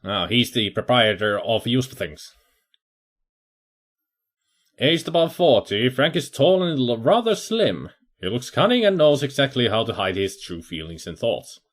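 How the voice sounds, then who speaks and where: A man talks through an adventure game as he plays it, reading its text aloud and thinking out loud. His mid-pitched voice moves up and down a lot. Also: sing-song, unhurried. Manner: reads game text aloud, musing to himself. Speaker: let's player. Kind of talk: casual game commentary.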